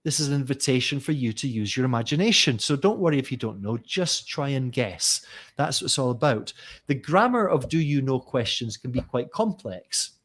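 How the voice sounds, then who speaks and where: A middle-aged man runs a live online lesson. He sounds lively and keeps asking questions. He calls on viewers by name as he goes. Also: mid-range voice, normal speed. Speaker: teacher trainer. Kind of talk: live online teaching session.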